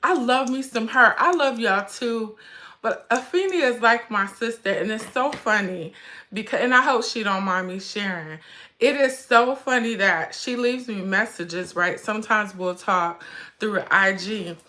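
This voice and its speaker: A woman's voice: a little high, unhurried, bright, forceful tone. A woman, hosting a casual handbag livestream, chatty and emotional, fighting back tears. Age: 40s. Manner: chatty, addresses viewers as y'all. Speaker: handbag vlog host.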